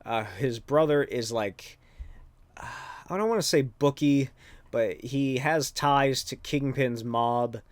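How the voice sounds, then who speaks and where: Guy on a podcast rambling through a comic recap, swears a lot, dry close sound, middle pitch. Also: takes it slowly, no room sound. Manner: rambling, profane, lots of filler words. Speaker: podcast host. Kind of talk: casual comic book recap.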